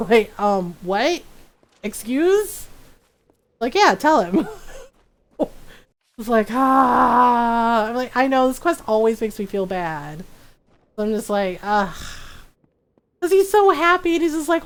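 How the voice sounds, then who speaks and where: A woman's voice: fairly high pitch, animated, slow, pauses often. A woman streaming a video game, chatting casually, laughing often and acting out characters in playful voices. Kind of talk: casual gameplay commentary.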